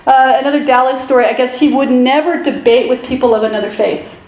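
A woman pastor giving a sermon in a conversational, self-deprecating way with animated asides. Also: sits high, fast talker, reverberant, low-quality recording.

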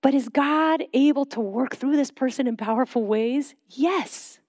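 A woman pastor giving a sermon, posing questions and leading a guided silent prayer in a measured, unhurried way. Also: high voice, no echo, studio quality. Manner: measured, slowing into soft reflective pauses.

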